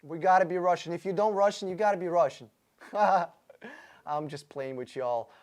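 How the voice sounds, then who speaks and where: A man with a fairly high, slightly mellow voice talks at normal speed while hosting a casual live stream that fields chat questions about cars. He's blunt and crude, cracks jokes, reads out names and questions, addresses viewers personally, and often restarts or uses fillers.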